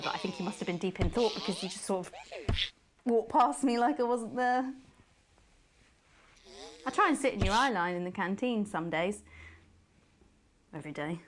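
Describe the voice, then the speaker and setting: Actress as posh unhinged female anchor, hushed, breathy confessions, game scene with background noise. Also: a little high, close to an everyday voice. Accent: posh English put on. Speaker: news anchor. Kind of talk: video game acting.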